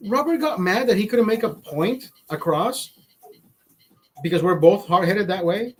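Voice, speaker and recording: A man's voice: high-pitched, lively intonation, measured pace, breathy edge. A man hosting a live stream, telling a long story in casual, profane chat, repeating himself and breaking off mid-sentence. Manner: profane, rambling, self-interrupting. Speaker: livestream host.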